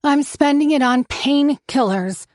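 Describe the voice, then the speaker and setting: A woman's voice: on the high side, lively intonation, a little slow, no room sound, studio quality, voice pushed up. A woman voicing a desperate addicted sister who pleads, then turns bitter, in an audiobook. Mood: insistent. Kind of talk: audiobook narration.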